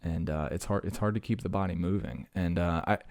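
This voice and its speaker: A man's voice: low voice, a little fast, a little mellow. A young adult man hosting a podcast, chatting casually in a rambling, jokey, self-deprecating way with lots of fillers. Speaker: podcast host. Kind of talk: casual solo chat.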